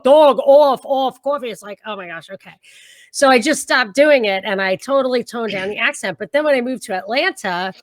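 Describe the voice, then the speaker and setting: A middle-aged woman from Brooklyn with a strong New York accent talks through a casual livestream chat. She is animated and laughs easily, her voice sitting a little high and dry, close to the mic. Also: no room sound. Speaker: podcast co-host. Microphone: livestream video call.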